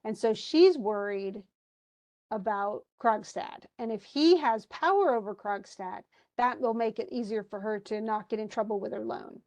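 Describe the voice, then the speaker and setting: A woman's voice: medium pitch, moderate pace, a little mellow. A woman teaching a play, reading passages aloud and stopping in a casual, conversational way to explain what the characters mean. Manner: conversational, stops to explain lines. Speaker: literature teacher.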